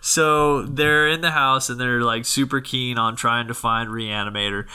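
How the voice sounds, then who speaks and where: A man's voice: medium pitch, steady tone, unhurried, sharp tone, smooth. A man co-hosting a casual podcast chat, laid-back, swearing casually and laughing often. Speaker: podcast co-host.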